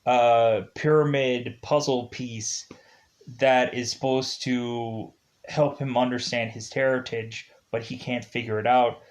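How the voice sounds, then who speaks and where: A man talks through a film review in a loose, chatty way. He circles back on himself, leans on filler words, and jumps his pitch up when something excites him. His voice sits at an ordinary middle height for a man. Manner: rambling, filler-heavy, animated. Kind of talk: casual spoken movie review.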